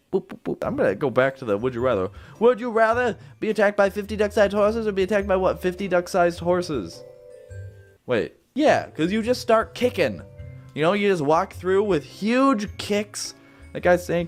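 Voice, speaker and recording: A man's voice: high voice, sing-song, moderate pace, faint music behind. A man giving casual, playful commentary on a game, chatting with viewers in a silly, joking way. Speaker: gaming YouTuber.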